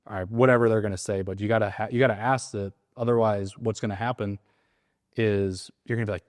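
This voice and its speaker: A man's voice: lowish voice, fairly even intonation, brisk, a little mellow, no echo, clean studio sound. A man coaching on a sales process in casual chat, acting out lines from seller phone calls as he explains. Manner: acts out sales call lines in quotes. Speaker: real estate wholesaling coach.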